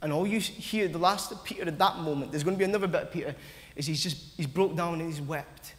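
High-voiced preacher in a reverberant church. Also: male voice, quick pace. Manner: earnest, acts out voices of the doubting, stumbles and restarts. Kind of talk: sermon.

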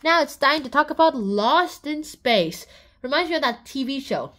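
A woman narrates a science explainer playfully, breaking into little songs and silly voices as a playful educational video narration. Her voice sits high, sounding expressive and a bit bright, at normal speed.

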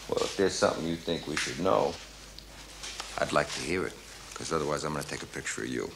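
Brash sardonic American cop, low voice, noisy old TV sound. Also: male voice, fast, gravelly. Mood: needling. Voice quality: sardonic, blunt. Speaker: police detective. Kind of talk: 1980s TV crime drama acting.

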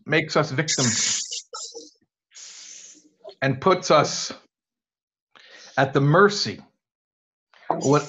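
A rabbi with an American accent gives a conversational lecture to students, drawing them in with rhetorical questions, in a slightly muffled recording. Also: male voice, on the high side, a bit bright. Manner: engaging, asks rhetorical questions.

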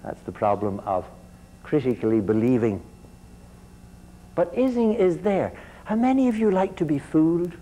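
A man gives a university lecture in a mellow, dark voice. He often stumbles and repeats a word before going on, and he keeps turning to the students with questions. A faint hiss sits under the recording. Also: fairly high pitch, big pitch swings, normal speed, long pauses, poor audio. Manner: repeats words as he restarts and quizzes the class.

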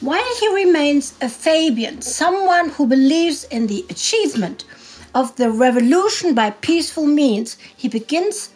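A woman co-narrating a history documentary in a measured, emphatic way with hushed asides. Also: sits high, animated, soft background music.

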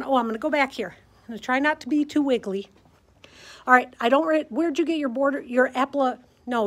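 A woman with a Midwestern American accent, a quilting teacher chatting casually as she walks viewers through a classroom show of quilts. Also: high-pitched. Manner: chatty, enthusiastic, talks to viewers while filming. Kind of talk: casual show-and-tell walkthrough. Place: sewing center classroom.

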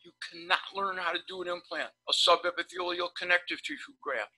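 Bright-voiced rambling male periodontist. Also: high voice, a little fast, vocal fry, poor audio. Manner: animated, rambling, blunt. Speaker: periodontist guest. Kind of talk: casual storytelling on a webinar.

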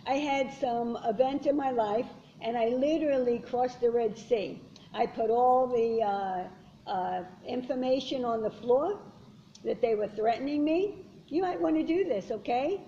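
A woman's voice: a little high, measured pace, mellow. A woman preaching a fervent sermon, quoting scripture and repeating exhortations. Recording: dull lo-fi sound with faint hiss.

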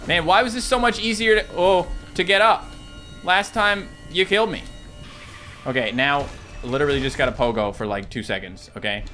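A man in his thirties giving excitable, jokey let's-play commentary, talking to enemies and viewers. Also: a little high, normal speed, faint music behind. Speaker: gaming YouTuber.

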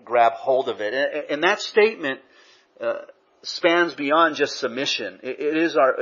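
Husky guy from socal preaching, chatty sermon, kinda dull lo-fi sound. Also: mid-range voice, a bit bright. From Southern California. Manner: conversational, frequent "you know" asides. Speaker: pastor. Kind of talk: sermon with personal storytelling. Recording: dull lo-fi recording.

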